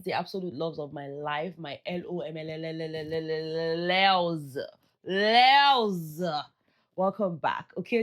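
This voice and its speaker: A woman with a Nigerian accent giving casual gossip commentary on a reality show, chatty and slipping into Pidgin asides. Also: low-pitched. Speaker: entertainment vlogger.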